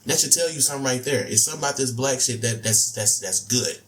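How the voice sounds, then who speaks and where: A man's voice: medium pitch, fast, a bit bright. Man, casual reaction host, slangy, laid-back, rambling, repeats phrases.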